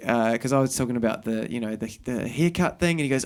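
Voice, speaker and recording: A man's voice: medium pitch, fast, few pauses, clear, resonant tone. A middle-aged man with a New Zealand accent, doing self-deprecating stand-up storytelling on stage at a live show and acting out scenes. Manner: rambling, self-deprecating, acts out scenes, breaks into shouting. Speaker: stand-up comedian.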